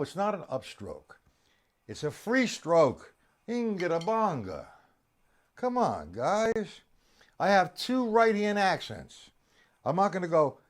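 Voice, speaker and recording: A man teaching drums on a live stream, his voice lively and swinging widely up and down. He is animated, teases his students, and keeps quizzing them by name. He sits a little high for a man. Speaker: drum teacher. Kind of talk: live-streamed drum lesson.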